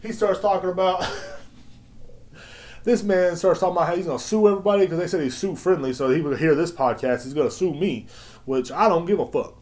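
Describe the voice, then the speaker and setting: Here the young male host sounds a little high and a little mellow, moving at a fairly quick clip. It's a rambling, foul-mouthed solo rant told as a story, full of laughs and dramatized quotes, captured in an echoey space.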